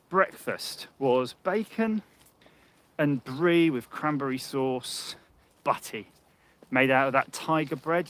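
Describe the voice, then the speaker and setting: A man's voice: mid-range voice, a bit bright. A man livestreaming casually on a handheld phone while walking outdoors along a muddy path, rambling and chatty, laughing often. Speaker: livestream host. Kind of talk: casual live chat.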